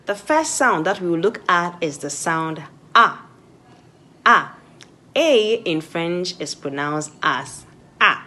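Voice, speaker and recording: A woman from Ghana gives a pronunciation lesson at a slow, careful pace. Her voice sits on the low side. She repeats every example word twice and stresses it clearly. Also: lively intonation, sharp tone. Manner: models each word twice, slow and emphatic. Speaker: French teacher.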